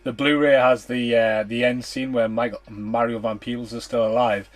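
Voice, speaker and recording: A man's voice: mid-range voice, flat delivery, normal speed. A man hosting a movie commentary podcast, talking over the film in a blunt, sweary, casual way. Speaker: podcast host.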